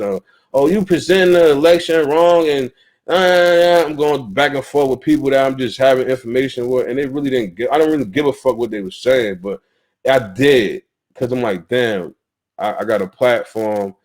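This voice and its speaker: A young man from North Carolina, speaking with a Southern accent in a mid-range, slightly mellow voice, hosts a podcast talk show. His casual monologue is blunt and profane, and he restarts his sentences often.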